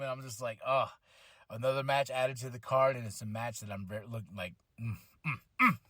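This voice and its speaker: A man with a fairly high voice chats through a wrestling recap. He is excitable and loose, acts out quotes and fills gaps with "like" and "um." The sound is dry and close. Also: dry recording. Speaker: podcast host. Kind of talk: casual wrestling show recap.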